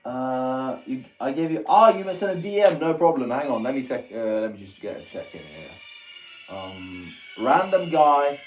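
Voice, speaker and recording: A man hosting a casual livestream who reacts excitedly to viewers' messages and pictures, laughing often and exclaiming. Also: on the high side, a little slow. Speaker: livestream host. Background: faint music.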